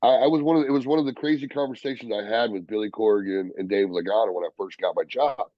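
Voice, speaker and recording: A man's voice: lowish voice, fast talker, dry recording, dull audio. Profane storytelling wrestler, man. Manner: profane, animated, acts out quoted people. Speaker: professional wrestler guest. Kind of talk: casual storytelling interview.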